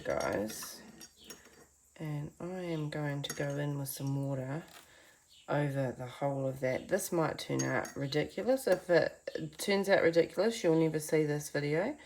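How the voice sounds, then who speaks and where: A woman's voice: low voice, darkish tone, a little hiss or hum. A woman giving a chatty, encouraging painting tutorial from her home art studio, talking to viewers as friends. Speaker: art teacher.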